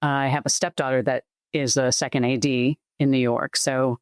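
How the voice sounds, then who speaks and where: A woman's voice: very deep voice, fairly even intonation, dry recording. Podcast guest: middle-aged woman with a light Boston accent, rambling, chatty, dry close mic. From Massachusetts. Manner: chatty, rambling, quick asides. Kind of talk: casual interview chat.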